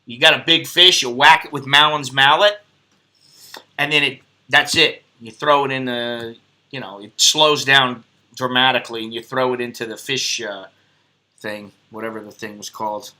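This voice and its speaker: A man's voice: mid-range voice, fairly even intonation, normal speed, sharp tone. A man hosting a live stream, rambling bluntly and swearing at viewers in casual chat. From United States.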